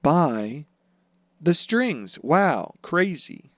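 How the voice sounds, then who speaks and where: A man co-hosting a podcast in casual chat, recapping anime episodes, swearing freely and putting on quick voices for the characters. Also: fairly high pitch, sing-song, no room sound, studio quality. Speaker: podcast co-host.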